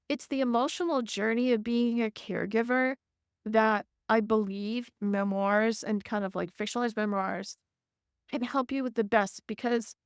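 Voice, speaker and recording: A woman author reading her memoir in a measured, gentle way, then talking casually with frequent fillers. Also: a little high, clear, resonant tone, no room sound, studio quality.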